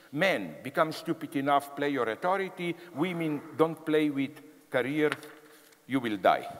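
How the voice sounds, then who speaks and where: A man giving a public lecture, emphatic and animated, with frequent fillers and restarts. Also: fairly high pitch, a little hiss or hum. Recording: long hall reverb.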